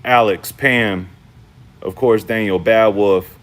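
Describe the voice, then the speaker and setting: A man hosting a casual livestream check-in from home on his phone, talking in a laid-back, slangy way and shouting out viewers in the chat. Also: on the low side, fairly even intonation, takes it slowly. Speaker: channel host.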